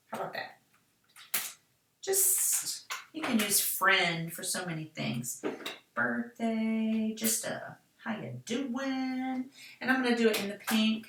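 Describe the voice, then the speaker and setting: A woman's voice: mid-range voice, background noise. Chatty woman in an echoey craft room. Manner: chatty, talks to herself while working. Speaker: card-making tutorial host. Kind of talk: casual craft demonstration. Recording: echoey room, mic at a distance.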